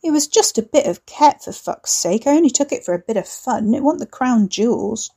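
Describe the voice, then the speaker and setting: A woman's voice: mid-range voice, moderate pace, mellow, lightly acted. A woman voicing a reckless, cocky young man, defiant and slangy. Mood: pleading.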